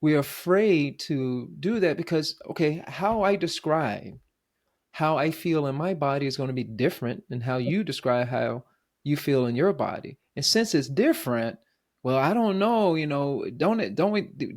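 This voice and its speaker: A man hosting a podcast, talking reflectively in a thoughtful, halting way with many restarts. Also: on the high side, animated. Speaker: podcast host. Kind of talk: reflective conversation.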